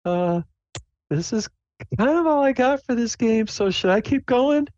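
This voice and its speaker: Excitable squeaky student girl, played by a man, dull dry tabletop-game audio. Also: unhurried, no echo. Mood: unsure. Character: young female student, excitable and easily flustered.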